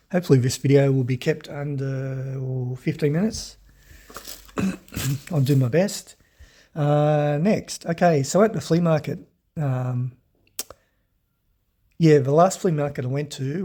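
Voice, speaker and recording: A middle-aged Australian man with a croaky voice, rambling in a casual collector's vlog, clearing his throat often. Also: fairly high pitch, dark tone. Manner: rambling, friendly, many ums and uhs, throat clearing. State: hoarse, croaky from illness. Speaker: diecast collector vlogger. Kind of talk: casual show-and-tell vlog.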